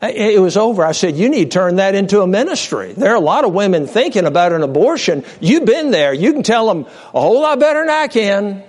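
A man preaching a sermon with passion, swinging between raised cries and low hushed storytelling, often restarting words and speaking straight to his listeners. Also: sing-song, fast talker, few pauses. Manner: repeats and restarts words, direct address to listeners. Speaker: pastor.

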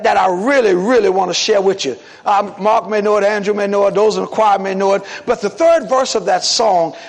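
A male pastor preaching a sermon in a church, shouting in repeated call-and-response phrases. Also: high voice, creaky.

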